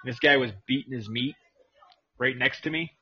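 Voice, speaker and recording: A man's voice: medium pitch, moderate pace. A man co-hosting a podcast, telling crude stories bluntly with a lot of swearing. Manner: blunt, profane storyteller. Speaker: podcast co-host. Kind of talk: crude casual chat. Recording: dull lo-fi sound with crowd noise.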